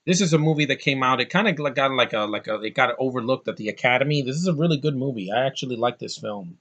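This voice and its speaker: A man's voice: mid-range voice, expressive, fast, a bit bright, muffled recording. A man reviewing a movie on his vlog in a rambling, casual way, swearing and getting fired up.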